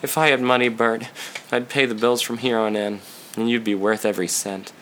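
A man voicing a frank, easygoing young male hustler in a soft, relaxed way in an audiobook. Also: mid-range voice, fairly quick, slight background noise, close to an everyday voice.

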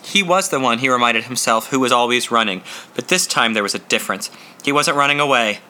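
Bright-voiced male audiobook narrator. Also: mid-range voice, a little fast.

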